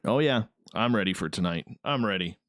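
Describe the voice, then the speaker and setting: A man's voice: lively intonation, brisk, a bit bright, dry recording, studio quality. A man hosting a live radio show and stream, chatting casually and greeting listeners in an upbeat way. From Canada. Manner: upbeat, chatty, jumps between high and low pitch.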